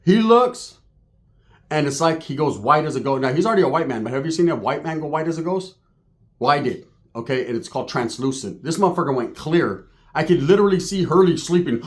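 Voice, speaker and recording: A man telling a rowdy story in casual, profane talk. His voice rises and falls widely and sits a touch high, and he slips in quick impressions of what others said. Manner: profane, animated, acts out quotes.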